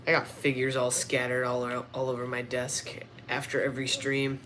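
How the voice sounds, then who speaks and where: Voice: medium pitch, monotone, normal speed, a bit bright. Rambling streamer chatting over toy figures. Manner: rambling and offhand, trailing off. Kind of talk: casual livestream chat while playing with action figures. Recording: noisy background.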